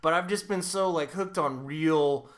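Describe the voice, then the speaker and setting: A man co-hosting a podcast in casual chat, rambling and filling his talk with "like". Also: a little slow. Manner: rambling, heavy with "like", lively pitch. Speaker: podcast co-host.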